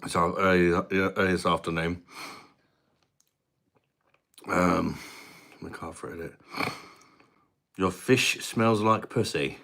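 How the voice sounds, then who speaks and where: This host, a man from England in his thirties, speaks slowly with frequent pauses in a low-pitched, gravelly, slightly bright voice and a steady tone. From his mum's house, he chats casually on his live stream, matily answering comments and reading out viewer names.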